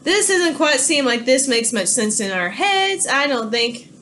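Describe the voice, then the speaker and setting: A woman's voice: sits high, expressive, measured pace, bright, forceful tone, slight background noise, full character voice. A woman voicing Napoleon as a suspicious, scheming ruler. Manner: suspicious, drawn out.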